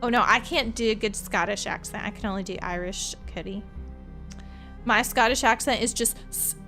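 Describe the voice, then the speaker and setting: A woman's voice: mid-range voice, moderate pace, sharp tone, faint music behind. A woman from Florida, a streamer chatting playfully with her viewers while she plays a point-and-click detective game. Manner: chatty, playful, talks to chat. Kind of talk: let's play commentary.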